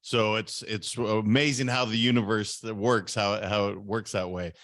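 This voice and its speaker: A man's voice: on the low side, fairly even intonation, measured pace, a bit bright. A man hosting a podcast, talking in a friendly, casual way with his guest. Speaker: podcast host. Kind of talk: casual interview talk.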